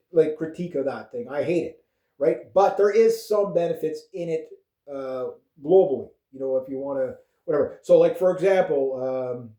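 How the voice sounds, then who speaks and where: Canadian male vlogger, mellow voice sitting a touch high, rambles and swears, roomy echo. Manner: rambling, profane, with frequent fillers and chuckles. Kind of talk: casual political rant. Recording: echoey room.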